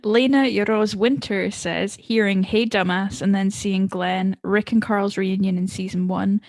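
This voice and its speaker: A woman in casual podcast chat, laughing often as she reads out listener comments. Her voice is of middling pitch and sits close and dry on the mic. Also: fairly even intonation, a little slow, darkish tone, dry recording. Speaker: podcast co-host.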